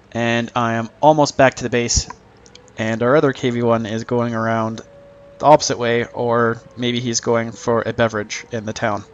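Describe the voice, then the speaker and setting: A man giving casual, joking commentary over his own tank gameplay, mocking himself and chuckling often. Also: mid-range voice.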